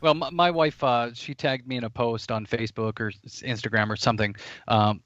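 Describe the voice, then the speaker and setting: A man's voice: mid-range voice, steady tone, fairly quick, fairly bright tone, no room sound. A man in his late thirties dropping dry, matter-of-fact comments in a casual chat. The recording is dead and slightly muffled. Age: late 30s. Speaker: podcast co-host.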